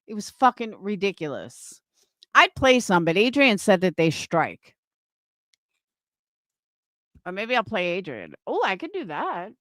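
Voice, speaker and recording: A woman's voice: medium pitch, very animated, moderate pace, a bit bright, no room sound, studio quality. A woman in her fifties ranting on a livestream, profane and scornful, mocking her critics. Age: 50s. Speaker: livestream host.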